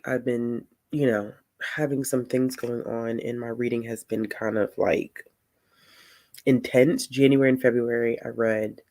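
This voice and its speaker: A man's voice: mid-range voice, gravelly. A man hosting a casual reading livestream, tired and yawning, rambling and greeting viewers in the chat. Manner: slow, rambling, says y'all often, greets chat viewers. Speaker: book livestream host.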